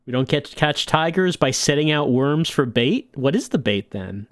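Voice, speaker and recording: A man streaming a game and making quick, wry comments. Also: fairly high pitch, expressive, dry recording, studio quality.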